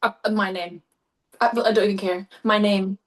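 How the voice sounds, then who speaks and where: Lady on a podcast, all excited and gushy, lots of likes and ums. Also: mid-range voice, moderate pace. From Scotland. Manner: gushing, enthusiastic, full of fillers. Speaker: stage performer guest. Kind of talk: casual podcast chat.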